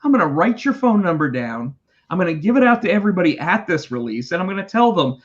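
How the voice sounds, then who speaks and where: Lively, foul-mouthed storytelling man. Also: fast. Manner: animated, profane, acts out callers in high voices. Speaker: podcast co-host telling a work story. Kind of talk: casual storytelling chat. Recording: dull lo-fi sound.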